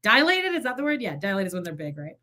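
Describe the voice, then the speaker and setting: This woman, a co-host on a casual gossip podcast, talks at a quick pace in a mid-range voice. She swears often, stays animated, and dramatizes what people told her.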